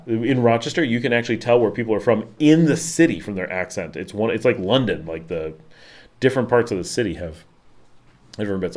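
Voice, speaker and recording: This livestream host is a middle-aged man from Western New York whose lowish voice is a little mellow and carries a Buffalo accent. Reading viewer comments in casual chat, he rambles with many fillers and false starts.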